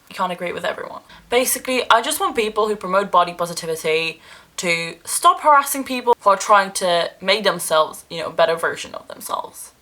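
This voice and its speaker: A woman's voice: mid-range voice, sharp tone. A young woman vlogging in a candid, rambling and self-deprecating way, emotional and close to tears. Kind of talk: casual vlog monologue.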